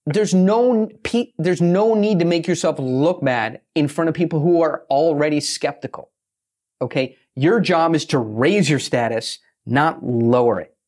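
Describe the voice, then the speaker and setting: A man talking as a podcast guest and pitch expert, brash and blunt, swearing and acting out little quotes. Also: a little slow, darkish tone. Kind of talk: fast casual podcast talk.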